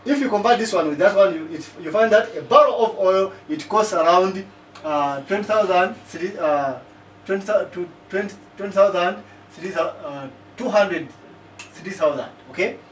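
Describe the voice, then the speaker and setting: Man, higher register, lecturing style, recorded distant in a reverberant room with faint background noise. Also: moderate pace. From Uganda. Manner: repeats "okay?" to check listeners follow, works figures out aloud. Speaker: political commentator. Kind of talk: explanatory talk to camera. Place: living in South Africa.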